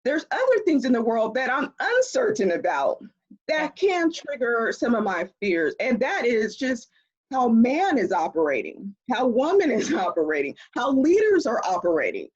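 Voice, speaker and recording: A woman speaking as an expert guest in a conversational interview, explaining in an animated way and laughing often, heard over a video call. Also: a little high, normal speed, husky, lo-fi sound.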